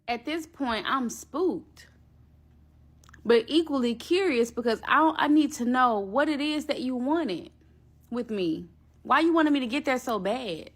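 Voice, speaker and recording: A woman's voice: fairly high pitch, measured pace. A woman casually retelling a personal ordeal in a storytime vlog, blunt and profane, acting out the other people in it. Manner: blunt, profane, animated retelling with quoted voices.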